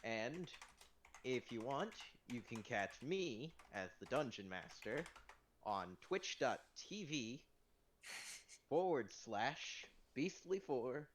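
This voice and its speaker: A man's voice: medium pitch, sing-song, slow, a little hiss or hum. A man, a player in a tabletop game group, casually announcing that he will run the next campaign. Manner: easygoing, plugging his own upcoming campaign. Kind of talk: casual chat on a game stream.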